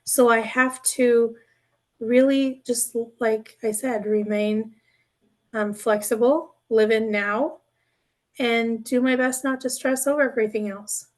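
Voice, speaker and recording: Lady podcast cohost, kinda high voice, rambles on earnestly, lots of "right?". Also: steady tone, slow pace. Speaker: podcast co-host. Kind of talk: casual podcast chat.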